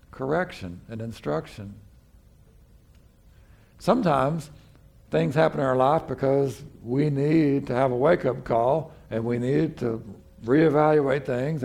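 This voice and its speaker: A man's voice: medium pitch, gravelly, a little mellow. A man, preaching a sermon as pastor in a folksy, conversational way with frequent restarts.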